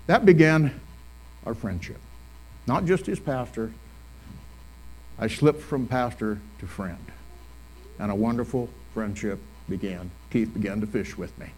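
Male pastor, folksy eulogy storyteller, mid-pitched, repeats lines for weight. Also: a little mellow, low-quality recording. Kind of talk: funeral eulogy. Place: full funeral service hall.

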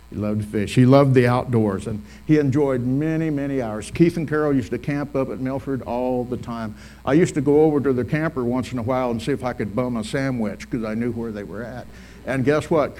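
Male pastor, folksy eulogy storyteller, mid-pitched, repeats lines for weight. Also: mellow, low-quality recording. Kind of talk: funeral eulogy. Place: full funeral service hall.

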